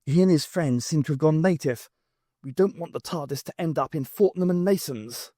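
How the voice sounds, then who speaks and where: A man playing a brisk, eager eccentric scientist. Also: a little high, warm tone, no echo, studio quality, lightly acted. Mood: urgent.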